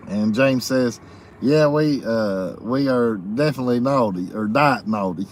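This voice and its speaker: A medium-pitched male voice, with a bit of hiss or hum, belongs to a livestream host reading viewer comments out loud. His delivery is folksy and full of laughter in this casual live chat.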